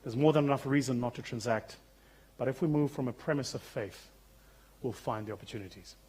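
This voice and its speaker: A South African man giving a keynote speech on a conference stage, telling stories with humour in a relaxed, conversational way. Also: mid-range voice, brisk, husky. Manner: humorous, conversational, vivid storytelling. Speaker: keynote speaker.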